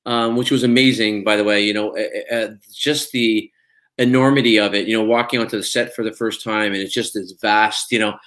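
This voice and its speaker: A man's voice: fairly low pitch, steady tone, brisk, a bit bright. Man telling showbiz anecdotes. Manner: anecdotal, acts out quoted dialogue, many fillers. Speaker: actor guest. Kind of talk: casual interview storytelling.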